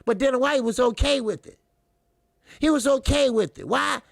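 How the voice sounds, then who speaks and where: Boxing channel guy ranting, high raspy gravelly voice, cussing and mocking, real fired up. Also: moderate pace, no echo, studio quality. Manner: profane, repetitive, mocking, fiery. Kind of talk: heated commentary monologue.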